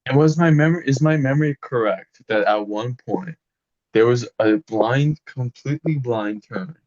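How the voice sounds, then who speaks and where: A man co-hosting a podcast, telling animated stories in casual chat with plenty of swearing. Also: medium pitch, moderate pace, muffled recording. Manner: animated, swearing, laughing storyteller. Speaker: podcast co-host.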